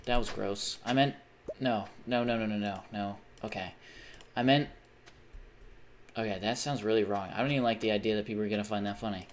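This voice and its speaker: A man's voice: lowish voice, fairly even intonation, fairly quick. A young man live-streaming a game, chatting casually and reading viewer messages aloud, rambling and swearing often. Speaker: livestreamer.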